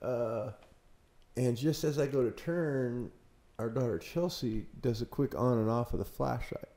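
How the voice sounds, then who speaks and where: A man's voice: medium pitch, a little slow, mellow. Man, caretaker of a haunted building, rambling interview storytelling, lots of uhs and ums. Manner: rambling, hesitant with many fillers, laughs at himself.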